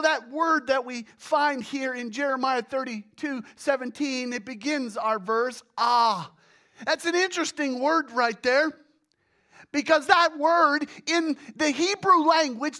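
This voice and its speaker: A pastor preaching a sermon, swinging from hushed, low passages to loud exclamations and acted groans. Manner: illustrates with everyday examples and acted groans.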